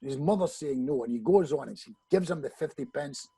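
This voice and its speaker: A man's voice: a little high, a little fast, vocal fry, husky, dry recording, rough recording. A man who is a hypnotist guest on a podcast tells a personal anecdote, restarting phrases and speaking straight to the host. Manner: animated storyteller who often restarts phrases and addresses the host directly. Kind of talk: storytelling anecdote in a podcast chat.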